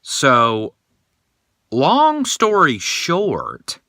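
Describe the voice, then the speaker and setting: A man hosting a casual solo podcast, telling rambling, animated stories. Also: fairly high pitch, extremely slow, dry recording, studio quality. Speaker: podcast host.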